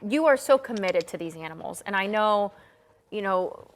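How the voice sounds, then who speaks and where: A woman's voice: medium pitch, animated, normal speed. A woman hosting a TV news segment, chatty and bubbly as she interviews a guest. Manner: bubbly, gushing over dogs. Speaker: TV news host. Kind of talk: morning TV interview.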